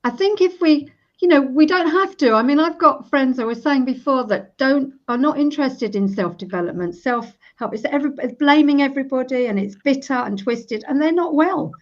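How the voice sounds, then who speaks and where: Here an EFT practitioner in her fifties, interviewed casually as a guest, walks through her technique, tapping and performing sample self-talk along the way. She talks at normal speed with a high, animated voice and barely pauses, all captured on a dull lo-fi recording.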